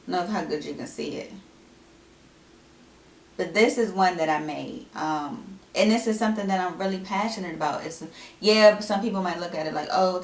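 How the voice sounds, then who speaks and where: A young woman, talking candidly to camera at home in a chatty, animated way. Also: lowish voice, a little hiss or hum. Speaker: vlogger. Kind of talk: casual vlog talk to camera. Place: at home indoors. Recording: echoey room, mic at a distance.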